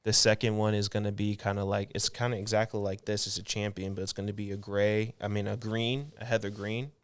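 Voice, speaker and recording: A man's voice: fairly low pitch, level tone, brisk, clear, resonant tone. A man in his twenties chatting casually as a podcast guest, laid-back and rambling with lots of fillers. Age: 20s. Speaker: podcast guest, clothing designer. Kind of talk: casual chat.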